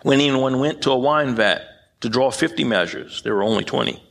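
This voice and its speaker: A man's voice: mid-range voice, a little fast, creaky, fairly bright tone. A man preaching a sermon in an emphatic way, often repeating phrases and tripping over his words. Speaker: pastor.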